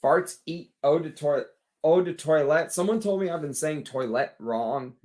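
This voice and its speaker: A man's voice: a little high, animated, normal speed, a little mellow. A man with a Texas accent hosting a casual livestream, tired after a long workday, chatting bluntly and answering viewers' comments. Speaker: fragrance livestream host.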